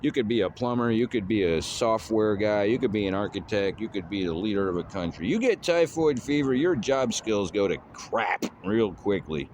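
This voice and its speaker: A man's voice: fairly low pitch, lively intonation, moderate pace, hardly any pauses, a little mellow, a little hiss or hum. A man rambling in a casual monologue, drawling with lots of fillers like "you know" and "man".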